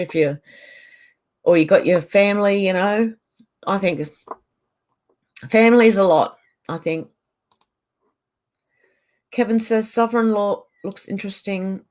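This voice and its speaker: A woman hosting a casual livestream, reading viewers' comments aloud and answering them in a chatty way. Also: mid-range voice. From Australia.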